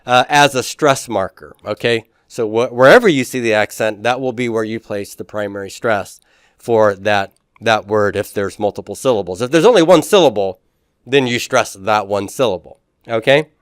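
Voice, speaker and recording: A man teaching a classroom lecture in a relaxed way, with frequent fillers and restarts. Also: on the low side, normal speed, dry recording, clean studio sound.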